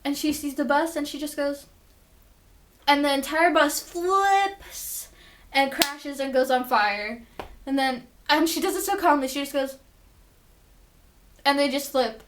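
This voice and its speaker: A woman's voice: high-pitched, moderate pace, slight background noise. A woman recapping a TV episode in a casual, gushing way, swearing a lot and saying "like" often. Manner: gushing and profane, lots of "like" fillers. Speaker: vlogger reviewing a TV episode.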